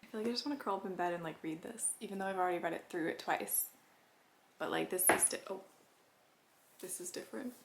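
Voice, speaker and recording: A woman's voice: lowish voice, fast talker, vocal fry, pauses often, very noisy. A young woman chatting casually in a vlog, giddy and self-conscious, laughing often and trailing off. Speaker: writing vlogger.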